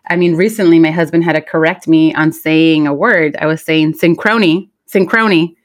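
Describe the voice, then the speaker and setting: A woman's voice: deep voice, level tone, brisk. A woman co-hosting a podcast in casual chat, a native Spanish speaker who laughs often while telling stories. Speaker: podcast co-host.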